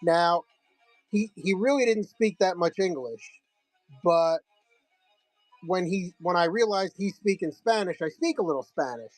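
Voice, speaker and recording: A man's voice: sits high, lively intonation, measured pace, no room sound, soft background music, low-quality recording. A man hosting a live comic sale, telling a rambling, profane story in a casual way.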